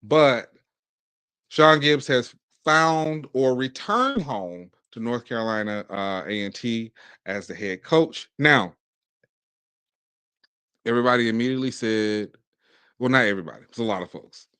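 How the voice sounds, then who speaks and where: Man from Mississippi, forties, casual sports commentary, animated bursts, mid pitch, dry close mic. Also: unhurried, pauses often, clear, resonant tone, no room sound. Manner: animated, talks in bursts with restarts. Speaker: podcast host.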